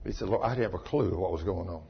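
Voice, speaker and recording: A man's voice: deep voice, fast talker. A man, a pastor preaching a sermon in a folksy way, exclaiming and acting out the dialogue of a story he retells. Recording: muffled lo-fi sermon tape.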